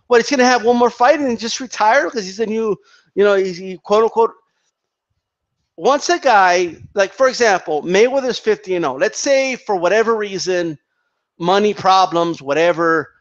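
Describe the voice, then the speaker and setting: The highs are cut off in this recording of a man with a high-sitting voice. He's ranting about boxing in a heated, profane vlog, frequently starting his sentences over.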